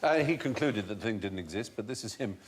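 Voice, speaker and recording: A man's voice: on the low side, expressive, quick pace, crowd noise. A man hosting a comedy panel show, playful and storytelling, laughing as he explains facts. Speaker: quiz show host. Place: TV studio with audience.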